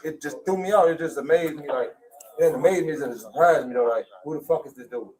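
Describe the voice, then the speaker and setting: Animated man telling a story. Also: on the high side, brisk, low-quality recording. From Chicago. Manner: animated, profane, slangy. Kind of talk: casual storytelling.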